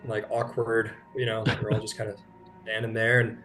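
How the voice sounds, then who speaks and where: A man's voice: lowish voice, completely flat delivery, moderate pace, a bit bright, soft background music. A man narrating a tabletop role-playing game as game master, rambling and breaking off mid-sentence. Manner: rambling, self-interrupting, laughs often.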